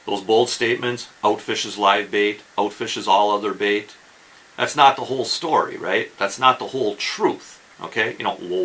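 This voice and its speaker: A man with a fairly low, bright voice and a forceful tone hosts a fishing channel, giving tips in a casual instructional talk over poor audio. He's chatty and keeps checking in with the viewer, often asking "okay?" and "right?"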